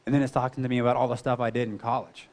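A man's voice: mid-range voice, level tone, rapid-fire, a little mellow. Earnest guy in his 30s telling his testimony, casual storyteller, keeps saying you know. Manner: earnest, conversational, heavy use of "you know". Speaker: speaker sharing a personal testimony.

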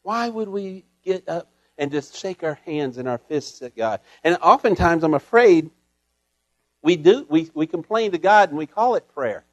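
A man preaching a sermon in an earnest way, often repeating words as he searches for them, and moving between raised lines and hushed ones. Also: a little high, animated, moderate pace, no echo.

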